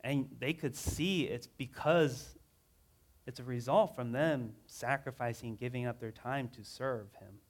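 Guy giving a sermon, mid pitch, chatty asides, gets intense reading verses. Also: measured pace. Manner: earnest, reads scripture dramatically with rising emotion; casual, conversational asides. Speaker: preacher.

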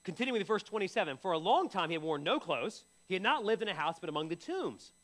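Animated male pastor preaching. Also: sits high, quick pace. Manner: animated storytelling, acting out biblical voices. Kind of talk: sermon.

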